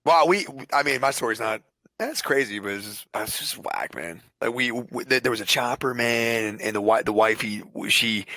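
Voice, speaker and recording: A man on a casual podcast, telling a story in an animated, profane way with stumbling restarts. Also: mid-range voice, moderate pace, no room sound.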